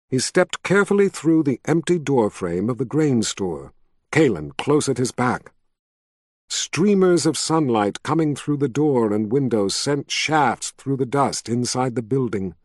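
An audiobook narrator, male, reads a fantasy novel from a script in a steady, measured storytelling voice. He has a mid-range voice, and the studio-quality recording is dry.

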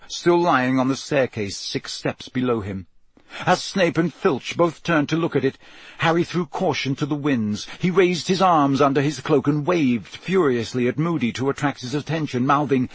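Husky-voiced man reading a story. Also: medium pitch, moderate pace, dry recording. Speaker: audiobook narrator. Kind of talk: scripted narration.

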